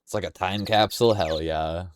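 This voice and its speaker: A man's voice: low voice, moderate pace. A young man casually streaming a game, rambling playfully and reading lines aloud. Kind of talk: casual game-playing commentary. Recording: noisy home stream mic.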